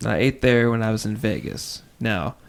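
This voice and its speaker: Easygoing gravelly young man. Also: lowish voice, normal speed. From western United States. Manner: easygoing, laughs often, hesitant. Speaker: podcast co-host. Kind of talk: casual chat.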